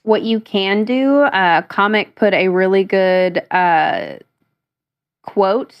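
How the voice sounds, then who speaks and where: A woman's voice: medium pitch, slow pace, clear, resonant tone, muffled recording. A woman co-hosting a stream, chatty and full of hesitant fillers. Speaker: podcast co-host. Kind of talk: casual stream chat.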